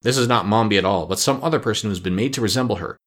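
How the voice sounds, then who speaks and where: A man's voice: lowish voice, very fast, a bit bright. A man voicing a stately good sorceress in a storybook, commanding and stern.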